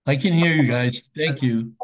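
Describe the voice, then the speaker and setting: A man's voice: mid-range voice, normal speed. A man taking part in a spiritual study group over a video call, earnest and a little sheepish.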